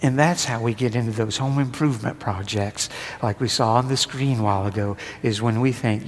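A man preaching a sermon, pushing his voice up with force and then sinking into hushed, almost whispered passages. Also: medium pitch, brisk, hardly any pauses. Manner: rises and presses hard, then drops to a hushed near-whisper. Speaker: pastor. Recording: long hall reverb, faint noise.

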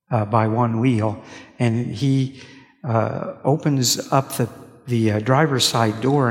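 Man preaching in a reverberant hall. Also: medium pitch. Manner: storytelling, with halting restarts. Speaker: pastor. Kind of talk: sermon. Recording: long reverb of a large hall.

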